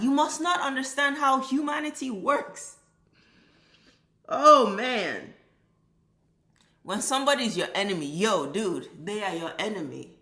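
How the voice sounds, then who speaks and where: A woman's voice: high voice, expressive, slow, long pauses, pushed and bright, echoey room. A woman vlogger delivering an impassioned, profane commentary rant, driving her points home with emphatic repetition.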